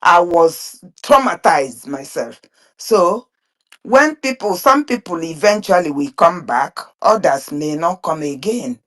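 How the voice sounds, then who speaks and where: A woman's voice: on the low side, lively intonation. A woman, speaking earnestly in an online group discussion, often stumbling and repeating words. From Nigeria (Biafran region). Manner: halting, repeats and restarts words; earnest, emphatic. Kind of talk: impassioned spoken commentary.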